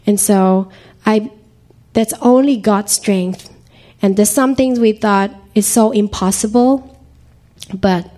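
A woman with a slightly hoarse voice giving an earnest church testimony in halting, urging listeners to live their faith all week. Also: mid-range voice, dark tone.

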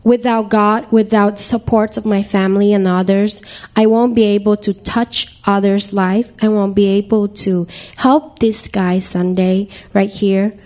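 A woman with a slightly hoarse voice giving an earnest church testimony in halting, urging listeners to live their faith all week. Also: mid-range voice, steady tone, a little mellow.

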